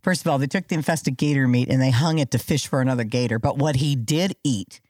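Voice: mid-range voice, quick pace, a little mellow, dry recording, studio quality. Talkative co-host retelling scenes. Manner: talkative, storytelling, acts out quotes. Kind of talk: casual chat.

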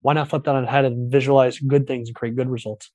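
Man, podcast guest, rapid animated talker, dry close sound. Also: medium pitch, no echo. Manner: fast, animated storyteller with many restarts. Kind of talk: casual interview talk.

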